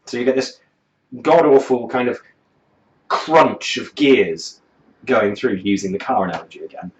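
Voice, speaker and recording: A man's voice: mid-range voice, unhurried. A man reviewing a song in a scornful, sardonic rant, swearing freely as he picks it apart. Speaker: music reviewer. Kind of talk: profane reaction commentary. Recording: roomy, dull lo-fi sound.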